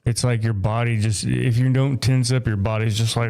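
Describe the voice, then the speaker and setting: Mid-pitched guy joking around on a podcast, crude humor, laughs a lot. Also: steady tone, moderate pace, gravelly, a little mellow. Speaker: podcast co-host. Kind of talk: casual banter.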